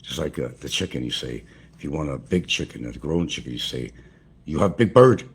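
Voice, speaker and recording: There's slight background noise as an older American livestream vlogger talks in a fairly quick bass voice with a fairly bright tone. He's at home in the central Philippines, casually rambling and chuckling while answering chat comments.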